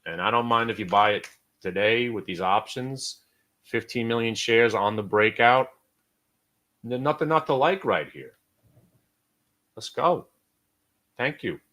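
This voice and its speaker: A middle-aged American man hosting a live stock trading room, talking casually and with swings between loud and quiet. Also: mid-range voice, animated, unhurried, pauses often.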